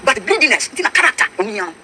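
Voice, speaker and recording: A woman's voice: on the high side, sing-song, very fast, bright, forceful tone, slight background noise. A Ghanaian woman pastor with a Ghanaian accent, preaching emphatically and mixing English with Twi. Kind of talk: preaching talk-show discussion.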